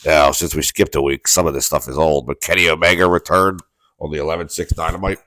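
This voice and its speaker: A man's voice: extremely low pitch, steady tone, quick pace, bright, forceful tone, no echo. An older man co-hosting a podcast in casual chat, blunt and crude. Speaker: podcast co-host.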